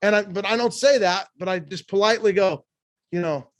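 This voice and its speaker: A man in his sixties, a podcast guest telling a personal story in a lively, fast way, often restarting his sentences. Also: high-pitched, no room sound.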